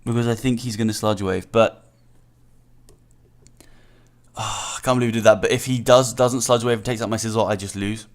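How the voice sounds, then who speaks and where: A man's voice: lowish voice, fairly even intonation, moderate pace, pauses often. A man talks through his own live match as he plays, weighing each move aloud. He repeats lines to himself and scolds himself sharply when a move goes wrong. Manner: self-critical, thinking aloud, repeats himself. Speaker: gaming channel host. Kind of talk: live play-by-play commentary of a game.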